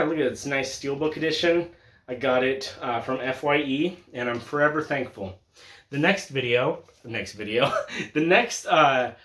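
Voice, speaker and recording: A young man chatting casually about his film collection, joking, swearing freely and laughing often, with sudden loud bursts of excitement. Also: medium pitch. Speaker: collector showing his Blu-ray haul. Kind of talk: casual chat vlog. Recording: echoey room.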